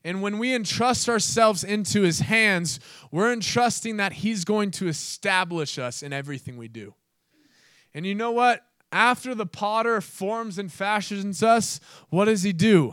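A man's voice: high-pitched, moderate pace, fairly bright tone, clear, resonant tone, dry recording, studio quality. A man preaching a sermon, earnest, with playful asides and laughing at his own jokes.

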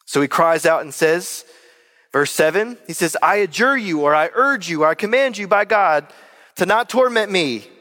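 A man's voice: sits high, animated, normal speed, pushed and bright. A young man preaching a sermon, speaking earnestly and directly to his listeners. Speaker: pastor. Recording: long hall reverb.

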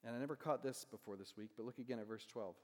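A male pastor delivers a sermon in a relaxed, conversational manner, tagging his points with a questioning "right?" His voice sits in an ordinary middle register. A long reverb trails behind him, as if he is speaking in a large sanctuary. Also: medium pitch, quick pace. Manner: conversational, asks "right?" often.

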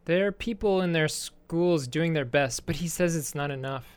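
Easygoing male lesson co-host; slightly raised pitch, dry close recording. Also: moderate pace, clear, resonant tone, no echo. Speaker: English co-host. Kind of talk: casual bilingual lesson chat.

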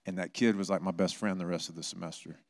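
A middle-aged man preaches in a church sanctuary, speaking in a somewhat low voice. He tells stories conversationally, with animated bursts of energy. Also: fast talker. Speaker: pastor. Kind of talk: sermon with personal stories.

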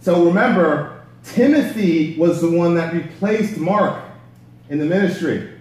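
A man's voice: on the high side, unhurried, darkish tone. A man preaching a sermon, telling the story in a casual, slangy way. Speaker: pastor. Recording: echoey hall from far off.

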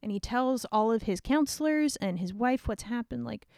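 A woman with a fairly high voice retells an old story in lively, slangy, conversational podcast narration. The recording is close and dry, with no room sound. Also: moderate pace, no room sound.

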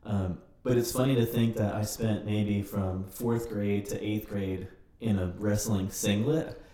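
Man, low mellow voice, rambling animated storyteller, distant mic, echoey room, faint background hum. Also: unhurried. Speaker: podcast participant. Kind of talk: casual chat.

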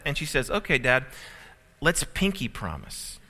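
A man's voice: sits high, expressive, normal speed, sharp tone, a little hiss or hum. A man preaching a sermon as pastor, telling a family story with humor and building emphasis. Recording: reverberant hall.

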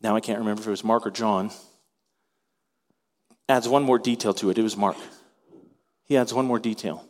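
A man preaching a sermon, animated, acting out the voices of the people in his story. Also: fairly low pitch, moderate pace, pauses often, long reverb tail. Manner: animated, acts out voices in quotes. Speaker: pastor.

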